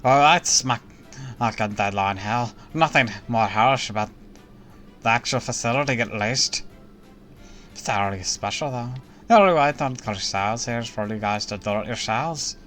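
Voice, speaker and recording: A man's voice: medium pitch, moderate pace, a bit bright, soft background music, close to an everyday voice. A man voicing a frazzled, sleepless manga artist on deadline in a game, reading the lines aloud on a stream in a brash, bossy way.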